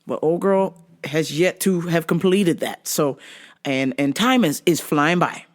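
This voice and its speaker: A man's voice: on the high side, unhurried. A man hosting a podcast, telling stories casually, swearing freely and laughing at his own jokes. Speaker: podcast host. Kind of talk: casual storytelling monologue.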